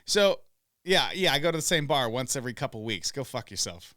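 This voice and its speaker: Man, podcast host, loud and profane storyteller, lively pitch, dry close sound. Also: brisk, dry recording. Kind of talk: casual chat, storytelling.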